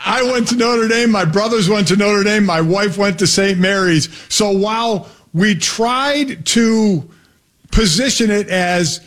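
High-voiced middle-aged man telling stories. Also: measured pace, fairly bright tone. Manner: rambling, self-correcting, laughing storyteller. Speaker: guest dad on a sports radio show. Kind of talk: casual storytelling chat.

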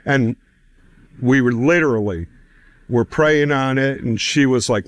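Man in his fifties telling a personal story, chatty, keeps saying "you know", dry close mic, middle pitch. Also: a little slow, pauses often, no echo. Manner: chatty, many "you know" fillers, laughs between phrases. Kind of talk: casual spoken testimony.

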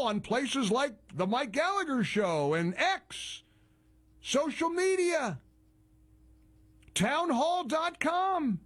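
A man's voice: very high voice, a bit bright. A man hosting a talk radio show, delivering opinionated commentary in a heavily sarcastic, mocking manner.

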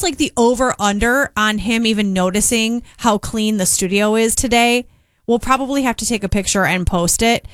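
A woman's voice: mid-range voice, dry recording, studio quality. A woman, a morning radio host chatting casually and reading an ad, bubbly and self-deprecating. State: tired. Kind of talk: casual radio chat and live-read ad. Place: radio studio. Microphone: studio microphone.

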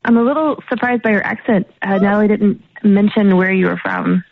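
A woman's voice: mid-range voice, brisk, gravelly, no room sound. A woman on a phone call, puzzled and polite, growing impatient. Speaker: prank call target. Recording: muffled phone call on radio.

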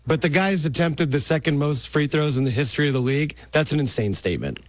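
A man's voice: on the high side, lively intonation, quick pace, no echo. A man co-hosting casual sports talk, reacting bluntly and asking questions. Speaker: co-host.

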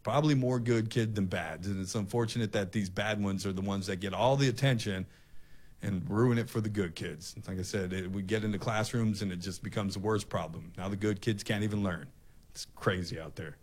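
A man's voice: lowish voice, brisk, a little mellow. A male talk show host delivering an impassioned, ranting opinion monologue, often repeating himself.

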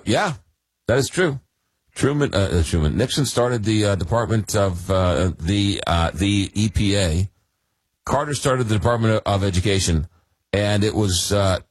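Male call-in radio host, low and husky, rambling delivery, dry close mic. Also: no echo. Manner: rambling, many fillers and restarts. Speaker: radio talk show host.

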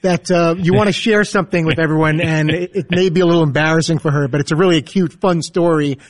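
A man chiming in on a radio show in rushed, run-on talk. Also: a little high, fairly even intonation. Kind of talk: casual radio banter.

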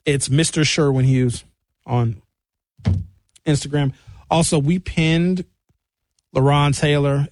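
A man hosting a talk radio show, delivering an animated comic rant from a studio. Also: no echo. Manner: animated rant, mimics callers in higher voices.

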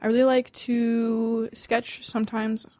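A woman of twenty hosting a student radio show in casual chat, talking fast and nervously with many fillers and restarts. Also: fairly high pitch, flat delivery, warm tone, dry recording. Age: 20s.

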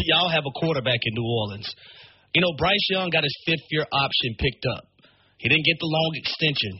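A man co-hosting a sports radio show, breaking down the games in a measured way and repeating words for emphasis. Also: on the high side, husky, muffled recording.

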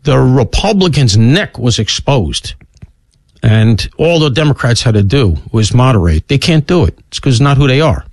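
A middle-aged man hosting a talk radio show, delivering an opinionated monologue with rapid asides and sudden swoops in pitch. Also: lively intonation, a little mellow, no room sound. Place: radio studio.

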